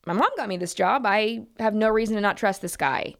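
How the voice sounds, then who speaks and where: A young woman chats on a podcast, telling a workplace story. She rambles with fillers and slips into quoted voices along the way. Her pitch sits in an ordinary middle range. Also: brisk, gravelly. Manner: animated storytelling with acted quotes, frequent fillers. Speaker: podcast co-host. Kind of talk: casual storytelling chat.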